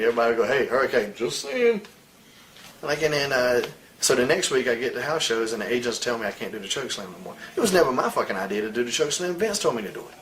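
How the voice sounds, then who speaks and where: A man's voice: medium pitch, fairly bright tone, a little hiss or hum, poor audio. A man in his forties in a candid interview, telling stories bluntly, with a lot of swearing and real heat. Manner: blunt, profane, heated storytelling. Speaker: interviewee, wrestler.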